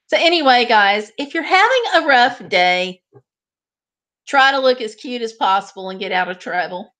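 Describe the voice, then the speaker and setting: A woman's voice: on the high side, lively intonation, moderate pace, bright, forceful tone. A woman hosting a live stream, chatting casually and directly with her viewers.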